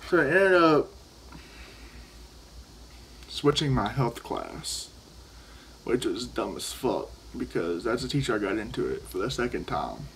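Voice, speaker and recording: Casting: teen boy, medium pitch, loose profane storytelling, keeps restarting sentences. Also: big pitch swings, measured pace, pauses often, fairly bright tone, slight background noise, rough recording. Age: teens. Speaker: vlogger. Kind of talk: casual storytelling while vaping.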